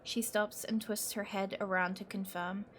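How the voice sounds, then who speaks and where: A woman's voice: mid-range voice, little pitch movement, normal speed, fairly bright tone, slight background noise. A woman narrating a story in the first person, in a tense, emotional way.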